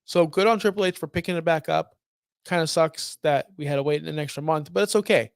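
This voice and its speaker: A man's voice: fairly high pitch, brisk, vocal fry, no room sound, studio quality. A man co-hosting a casual podcast, enthusiastic and easygoing. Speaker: podcast co-host.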